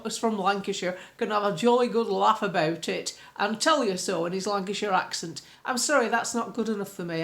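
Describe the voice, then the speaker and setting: A woman from the UK, a political commentator, recording a blunt, opinionated vlog monologue at home with colourful sayings. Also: mid-range voice. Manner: blunt, colloquial, earthy sayings.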